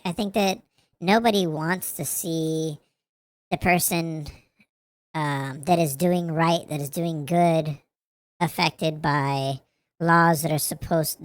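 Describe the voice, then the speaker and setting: Blunt, swearing woman host reacting to clips; lower voice, dry sound. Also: no echo. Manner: blunt, profane, emphatic with trailing fillers. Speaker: commentary host. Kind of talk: reaction commentary.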